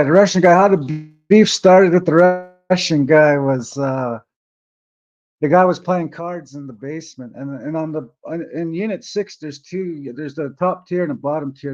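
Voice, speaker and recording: A man's voice: on the high side, a little mellow. A man telling a story casually, rambling, swearing and tagging lines with "eh?", on a dull lo-fi recording. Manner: rambling, profane, frequent "eh?" tags.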